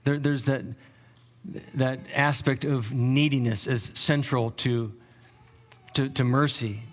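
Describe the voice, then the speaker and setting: A man's voice: mid-range voice, a bit bright. A pastor preaching an expository sermon, earnest and thinking aloud, often repeating words and lifting his voice to stress key phrases.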